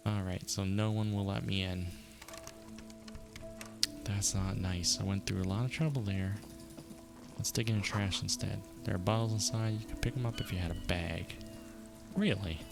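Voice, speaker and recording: Male streamer, low and gravelly, reading a game with wry asides, faint music behind. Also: steady tone, moderate pace, pauses often. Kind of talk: live game playthrough, reading text aloud.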